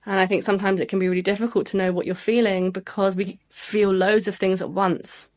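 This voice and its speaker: Woman relationship coach, light and playful, laughs at herself, average pitch. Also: level tone, fairly quick. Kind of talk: casual podcast conversation.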